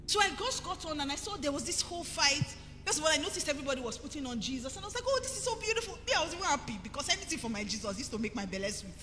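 High, lively Nigerian woman preaching. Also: rapid-fire. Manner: emphatic, rising to forceful preaching. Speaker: pastor. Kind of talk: sermon. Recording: reverberant hall with faint music.

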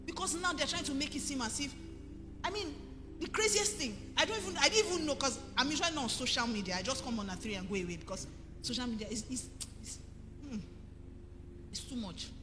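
Nigerian woman pastor, middle-aged, emphatic sermon, bright and animated, echoing hall. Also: sits high, brisk, noisy background. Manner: emphatic, rising to forceful preaching. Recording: reverberant hall with faint music.

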